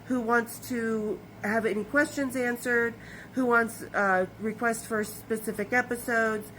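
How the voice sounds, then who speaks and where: A woman's voice: on the high side, fairly even intonation, a little slow, a little hiss or hum, poor audio. An older woman in her sixties hosting her own podcast, chatting loosely to her viewers, rambling and swearing now and then. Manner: chatty and rambling, with swearing and bursts of brighter energy. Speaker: podcast host. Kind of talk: casual direct-to-camera chat.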